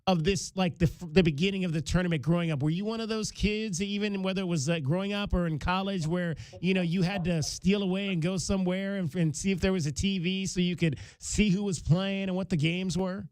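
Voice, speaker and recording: A man's voice: sits high, fairly quick, hardly any pauses, darkish tone, clean tone, dry recording. A man hosting a sports talk radio show, chatting casually with many fillers and restarts. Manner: conversational, with frequent fillers and restarts.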